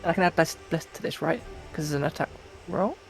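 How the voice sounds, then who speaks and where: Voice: mid-range voice, lively intonation, fast talker, soft background music, rough recording. A player in a tabletop game, hesitant and full of fillers while describing an action.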